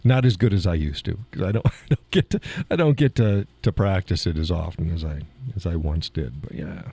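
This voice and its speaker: A man's voice: low voice, expressive, a little fast, vocal fry, mellow, husky. A middle-aged man hosting a live stream, chatting casually with viewers and laughing often at their comments, with a lingering cough. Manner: laughs a lot, self-deprecating banter. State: lingering cough, clears throat.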